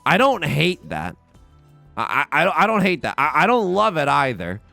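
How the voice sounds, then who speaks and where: A young man giving casual, excitable commentary on his own gameplay, talking to viewers and trash-talking opponents. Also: on the high side, moderate pace, creaky, no room sound. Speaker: let's play host. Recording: game music underneath.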